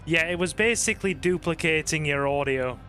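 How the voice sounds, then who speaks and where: With crowd noise behind him, a fairly high-voiced man talks at normal speed while hosting a gaming stream. Relaxed and chatty, he banters with his co-host in casual let's-play fashion and reads the chat out loud.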